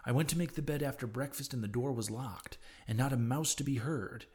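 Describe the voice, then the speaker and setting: A man's voice: mid-range voice, a little fast, a little mellow, lightly acted. A man voicing a frightened chambermaid. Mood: alarmed. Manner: breathless, exclaiming.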